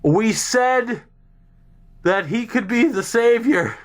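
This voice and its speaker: Stunned, swearing man yelling in disbelief. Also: expressive, takes it slowly. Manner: stunned, swearing, laughing, pitch jumping high. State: overexcited, voice raised. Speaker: gaming YouTuber. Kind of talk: excited gameplay commentary.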